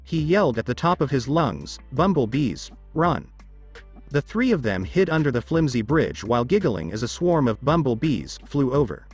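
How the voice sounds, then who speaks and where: Man narrating a story, lively pitch. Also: moderate pace, hardly any pauses, breathy edge, highs cut off, soft background music.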